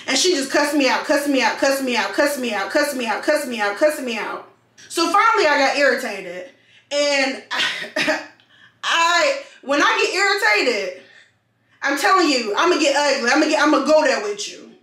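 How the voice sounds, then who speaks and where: Animated high-voiced woman telling a story. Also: moderate pace, far from the mic. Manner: animated, repeats phrases for emphasis. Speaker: vlogger. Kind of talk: storytime vlog. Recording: roomy sound, mic set back.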